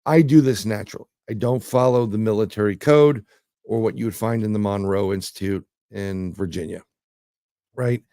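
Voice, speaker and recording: A man's mellow voice sits on the low side at a moderate pace, captured in clean studio sound without echo. As a guest and remote viewer from New York City, he tells rambling anecdotes in casual interview talk, heavy on fillers and restarts.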